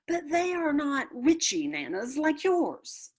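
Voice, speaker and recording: A woman voicing a bubbly, bossy little kindergarten girl who talks loudly and mangles big words in a children's book read-aloud. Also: high-pitched, sing-song, takes it slowly, pitched above the performer's own voice, heavily acted. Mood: chatty.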